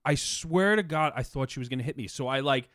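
A man co-hosting a casual podcast, blunt and profane, telling stories with animated energy. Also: medium pitch, brisk, no room sound, clean studio sound. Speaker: podcast co-host.

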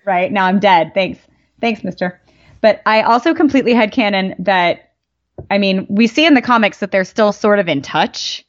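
A woman telling stories in casual fan chat, animated and emphatic, her voice jumping up for emphasis. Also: medium pitch, moderate pace, no echo. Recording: dull lo-fi dry mic.

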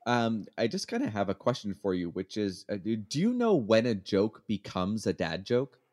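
A man's voice: on the low side, sing-song, normal speed, darkish tone. A man co-hosting a podcast in casual chat, playful and hesitant, with many ums and restarts. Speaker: podcast co-host telling dad jokes.

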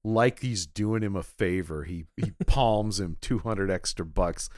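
A man co-hosting a podcast, chatting about a movie, expressive and reflective, swearing freely. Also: low-pitched, a little slow, no room sound, clean studio sound. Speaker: podcast co-host. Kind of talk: casual movie recap chat.

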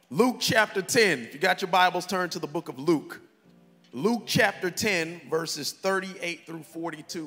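A man preaching a sermon as pastor to a congregation, lively and conversational with call-and-response, swinging from shouts to soft tones. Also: mid-range voice. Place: large church hall with congregation. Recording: long reverb from a church hall, faint music.

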